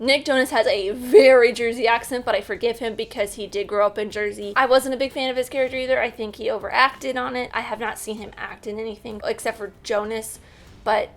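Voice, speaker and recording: A chatty young woman talks straight to camera about a film she didn't enjoy, her voice sitting a little high. She laughs easily, and soft music plays faintly behind her. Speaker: movie reviewer. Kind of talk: casual movie review vlog.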